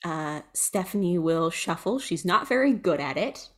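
A woman's voice: fairly low pitch, expressive, a little slow. A woman player in a tabletop role-playing game, casually describing what her character does.

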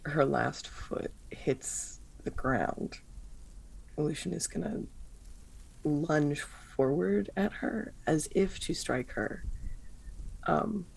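A player describing a character's actions in a tabletop game, in halting speech with restarts. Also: mid-range voice, vocal fry, breathy edge. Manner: halting, restarts mid-sentence.

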